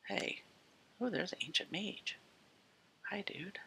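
A woman's voice: medium pitch, expressive, takes it slowly. A woman giving casual let's-play commentary, chatting to the game's characters and slipping in and out of half-whispers. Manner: chatty, talks to game characters, drifts in and out of whispers. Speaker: gameplay host.

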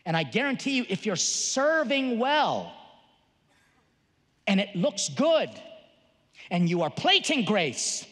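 A man, a Catholic priest, giving a lively conference talk with jokes and a teaching tone. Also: high voice, slow pace, long pauses. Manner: animated, joking, teaching tone. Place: large conference hall. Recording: long reverb of a large hall.

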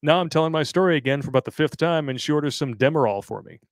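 On a live-stream podcast, a man reads a listener's story with crude jokes and frequent laughter. His voice is a little high and he races along, captured in a dry recording.

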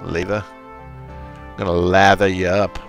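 A man's voice: sits low, level tone, a little slow, creaky. A man casually commenting on his strategy game, bossing his units around and joking with them. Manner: goofy, talks to his units. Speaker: gameplay commentator. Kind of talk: casual let's play commentary. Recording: faint game music and artillery behind.

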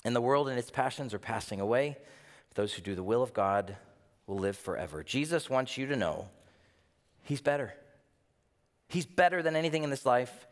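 Male pastor, mid-range voice, animated sermon delivery with rhetorical questions, long hall reverb. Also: mid-range voice, normal speed, long pauses. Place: church.

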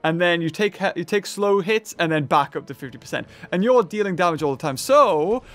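A young man chatting casually through a mobile dinosaur game, excitable and rambling with lots of fillers. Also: high voice, fairly quick, few pauses, soft background music. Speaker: gaming YouTuber.

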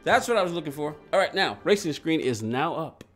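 A man's voice: on the high side, animated, fairly quick, fairly bright tone, soft background music. A man streaming a racing game live, telling a rambling story with many restarts and answering his chat as he goes. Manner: reads and answers chat aloud. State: agitated while recounting.

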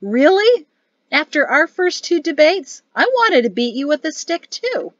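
A woman's voice: a little high, lively intonation, normal speed, no room sound, highs cut off, pitched above the performer's own voice. A woman voicing a curious, witty young wife who prods and teases with eager questions. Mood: teasing. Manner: prodding, playful questions.

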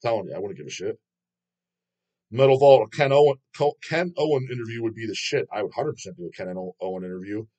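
A man's voice: lowish voice, expressive, fast, mellow. Profane rambling man chatting with viewers. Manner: profane, rambling, laughs often. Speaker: channel host reading viewer comments. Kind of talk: casual chat.

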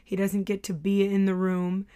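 A woman's voice: medium pitch, monotone, moderate pace, dark tone, clean tone. A woman giving a devotional teaching talk in an earnest, hesitant way, with many filler sounds. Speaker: Christian teacher.

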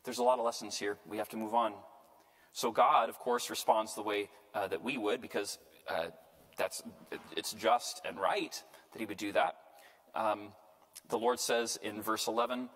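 Joking priest teaching in an echoey hall. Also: male voice, lowish voice, moderate pace. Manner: lively and joking, tags lines with "right?" and acts out quotes. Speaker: priest teaching a Bible class. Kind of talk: casual Bible lecture.

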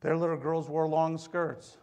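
A middle-aged male pastor preaching in a church, his voice sitting a little high for a man. He talks in a chatty, storytelling way and keeps prodding the congregation to answer him. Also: level tone, measured pace, a little mellow. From Michigan. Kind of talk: conversational sermon. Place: church sanctuary.

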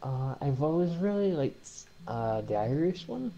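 Scottish woman, extremely low voice, dark and mellow, dry jokes. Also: very animated, normal speed, gravelly, dull audio, a little hiss or hum. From Scotland, Glasgow. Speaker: guest on a stream. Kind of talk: casual chat.

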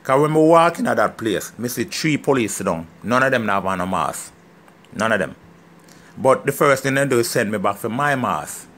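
A man's voice: mid-range voice, lively intonation, moderate pace, a bit bright. A middle-aged Jamaican man speaks straight to his viewers in a heated, emphatic rant. His Jamaican accent is strong, and he keeps driving each point home by asking if he is understood. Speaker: farmer. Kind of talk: casual vlog rant.

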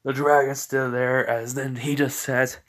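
A man's voice: medium pitch, little pitch movement, measured pace, fairly bright tone. A young man casually improvising a fan fiction story, rambling with many fillers and self-corrections.

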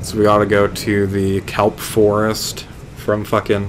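A young man talks over his gameplay in a lowish voice, cursing and joking as he rambles. His delivery is casual and loose. A faint hiss sits under the recording. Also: completely flat delivery, measured pace. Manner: profane, rambling, jokey. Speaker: gaming video host. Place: indoors at home, late at night.

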